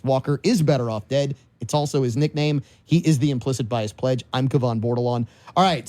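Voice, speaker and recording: A man's voice: fairly high pitch, mellow, dry recording. A man in his forties from New Orleans, hosting a casual political talk radio show in a studio and musing aloud with rhetorical questions. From New Orleans, Louisiana. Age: 40s. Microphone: studio microphone.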